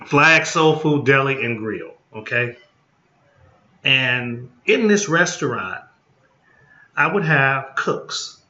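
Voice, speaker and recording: A man's voice: mid-range voice, lively intonation, slow pace, long pauses, bright, forceful tone. A man giving an informal training talk as a licensing consultant, blunt and folksy, repeating his points and checking in with "okay?". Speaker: group home licensing consultant. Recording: echoey, slightly muffled room.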